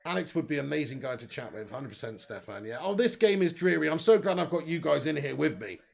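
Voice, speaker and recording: Gravelly chatty football streamer. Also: male voice, a little high, animated, fast talker. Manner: chatty, laughs often, reads out chat comments. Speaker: host. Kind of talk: live match watch-along commentary.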